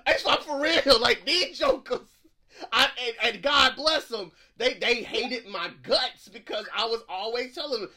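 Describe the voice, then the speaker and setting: A man in his thirties hosting a casual faith podcast, telling stories with animated energy and encouraging his guest. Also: very high-pitched, unhurried. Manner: animated storyteller, lively laughs, encouraging affirmations. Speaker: podcast host. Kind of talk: casual chat.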